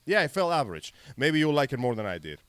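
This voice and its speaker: Lively, sarcastic man on a live chat. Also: mid-range voice, fast talker, clear, resonant tone, no echo. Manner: sarcastic, blunt, animated. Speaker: podcast co-host. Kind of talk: casual live-stream chat.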